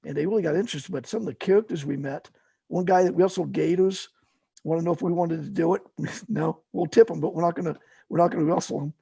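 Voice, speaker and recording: Middle-aged guy rambling thru a story, dark mellow voice, dry close sound. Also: on the high side, fast, gravelly, slightly rough, dry recording. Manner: rambling, lots of fillers and restarts. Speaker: guest, paramotor fly-in organizer. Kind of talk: casual storytelling.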